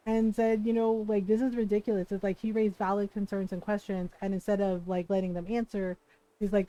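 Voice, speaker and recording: A woman's voice: mid-range voice, no echo, low-quality recording. A woman streamer chatting casually while playing a game, telling stories animatedly, cursing freely and quoting people. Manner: animated storytelling, swears freely, quotes people in voices. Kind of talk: casual chat while gaming.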